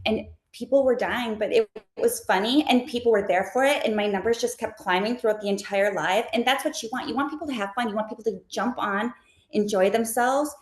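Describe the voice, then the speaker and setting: A woman who makes live shopping videos, answering interview questions casually and talking fast like an animated storyteller. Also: on the high side. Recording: roomy echo.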